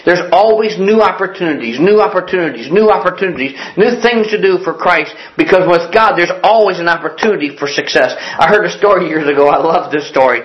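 A man's voice: high voice, a little fast, hardly any pauses. A man preaching a sermon in an earnest, storytelling way, repeating key lines for emphasis. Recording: echoey, dull lo-fi sound.

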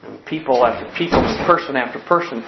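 A man preaching a sermon with passion, dropping to a hush and then soaring and crying out. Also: medium pitch, quick pace, gravelly, dull audio, background noise. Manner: impassioned, swinging from hushed to soaring.

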